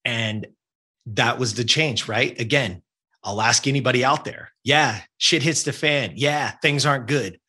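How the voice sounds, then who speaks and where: A man in his fifties tells a personal story as a guest. His voice is forceful and bright with a husky edge, and he speaks earnestly and emphatically. He keeps checking in with his listeners, asking "right?". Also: medium pitch, unhurried. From Southern California. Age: 50s.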